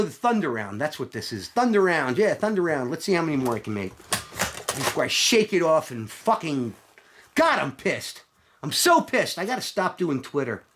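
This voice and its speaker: A middle-aged man rambling and ranting profanely to camera in a casual vlog, sometimes mocking others in put-on voices. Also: mid-range voice. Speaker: vlogger.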